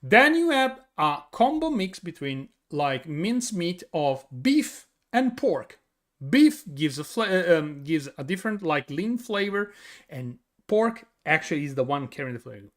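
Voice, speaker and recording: Italian male streamer, tired, chatty and rambling, slightly high voice. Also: very animated, a little slow. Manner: chatty, explains with many fillers and restarts. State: tired from little sleep. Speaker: streamer answering chat. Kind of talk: casual chat reading viewer questions.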